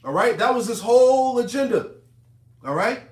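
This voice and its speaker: A man's voice: extremely high pitch, expressive, normal speed, reverberant. A man giving a casual, profane, emphatic Bible teaching, reading verses and riffing on them conversationally.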